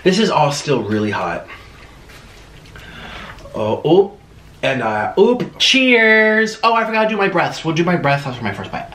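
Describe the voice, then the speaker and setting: A man's voice: fairly high pitch, sing-song, measured pace, long pauses, a bit bright, reverberant, slight background noise. A man hosting a casual eating vlog in a playful, theatrical, sing-song manner. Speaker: mukbang host.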